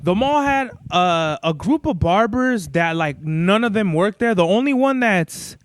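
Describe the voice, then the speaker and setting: Unhurried and expressive, a young man with a high voice talks through a casual solo podcast, telling meandering stories laced with profanity in a laid-back manner. The sound is clean studio audio without any room sound.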